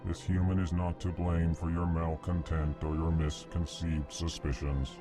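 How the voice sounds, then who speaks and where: An actor voicing a huge, formal male alien ambassador who names each emotion before he speaks, in a flat delivery. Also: low-pitched, moderate pace, natural voice. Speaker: diplomat. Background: game music.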